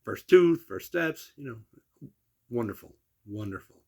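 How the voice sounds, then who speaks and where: Gravelly older man telling family stories. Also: mid-range voice, a little slow. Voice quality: gravelly, husky voice. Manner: animated, salty storyteller who acts out the people he quotes. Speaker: storyteller. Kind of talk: casual personal storytelling.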